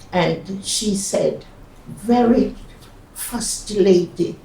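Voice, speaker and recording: Older Jamaican woman, gravelly and hesitant. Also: mid-range voice, takes it slowly, warm tone, a little hiss or hum. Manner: hesitant, with fillers and restarts. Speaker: oral history interviewee. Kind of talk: oral history recollection. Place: community centre room. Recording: echoey room, mic at a distance.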